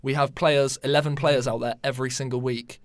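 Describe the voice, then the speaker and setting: An English man co-hosts a laid-back football podcast, sounding like an eager fan of his club. His voice sits at an ordinary pitch and is recorded close and dry, with no room sound. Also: flat delivery, a little fast, dry recording. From England. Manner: enthusiastic, fan-like. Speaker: podcast co-host. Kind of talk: casual football chat.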